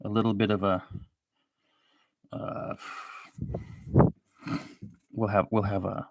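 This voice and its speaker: A man's voice: lowish voice, flat delivery, slow, creaky, no room sound. A man hosting a live show, rambling with sardonic asides while he draws. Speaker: show host. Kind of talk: rambling live-stream commentary while drawing.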